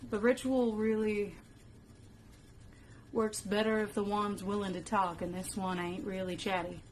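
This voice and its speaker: A woman's voice: mid-range voice, little pitch movement, a little slow, a little hiss or hum, lightly acted. A woman playing a laid-back female wizard professor with a casual, folksy way of talking, in a fan-made web drama.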